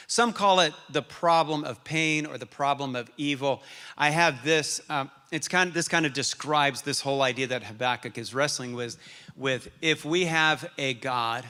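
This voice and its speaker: Bright-voiced male pastor in a hall. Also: a little high, normal speed. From Arizona, USA. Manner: humorous, then earnest and quiet. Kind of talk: sermon. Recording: reverberant hall.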